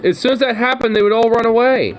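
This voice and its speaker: A man's voice: very high voice, fast. A man streaming live in casual chat, laughing often, swearing and making sarcastic remarks.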